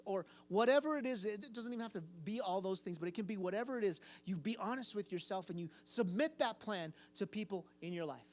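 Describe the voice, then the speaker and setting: A man's voice: high voice, expressive, brisk, few pauses. Guy preaching to a youth group, chatty, keeps asking the room stuff and repeating himself to make a point. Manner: conversational, quizzes the audience, repeats phrases for emphasis. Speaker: youth pastor. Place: room with a live youth audience.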